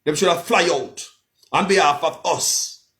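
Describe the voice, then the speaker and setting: A man's voice: a little high, unhurried, a bit bright. Impassioned Jamaican man on a livestream. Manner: impassioned, keeps calling out to viewers as people. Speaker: blogger hosting a livestream. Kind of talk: livestream commentary with a phone-in guest.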